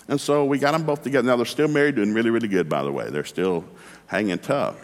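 Animated folksy preacher in a big hall. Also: male voice, medium pitch, fast. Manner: folksy, animated storyteller acting out both sides of dialogues. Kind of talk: sermon with storytelling.

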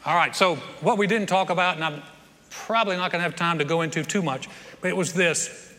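A man's voice: sits high, fairly quick, bright, forceful tone. Folksy preaching man in echoing hall. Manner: folksy, joking, conversational preaching with acted quotes. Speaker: pastor. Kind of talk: sermon. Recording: reverberant hall.

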